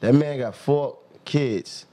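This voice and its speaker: A man's voice: medium pitch, warm tone. A man, hosting a podcast and joking around with his guests. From Brooklyn, New York. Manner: joking, quick interjections. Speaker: host. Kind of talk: casual podcast chat.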